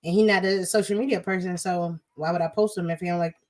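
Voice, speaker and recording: A woman's voice: on the low side, steady tone, fast, darkish tone. A woman hosting a podcast in casual chat, blunt and profane, laughing often. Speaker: podcast host.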